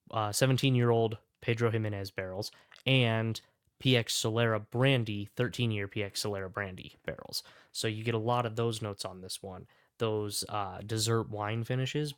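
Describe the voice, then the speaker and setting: A man's voice: fairly low pitch, smooth, dry recording, studio quality. A man hosting a casual whiskey review, talking enthusiastically and rambling with fillers and self-corrections. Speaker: whiskey reviewer and podcast host.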